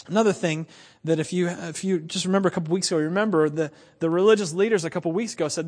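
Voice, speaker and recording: High-voiced man preaching in an echoey hall. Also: fast talker. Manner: animated, chuckling, repeating lines for emphasis. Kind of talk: sermon. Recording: long reverb of a large hall.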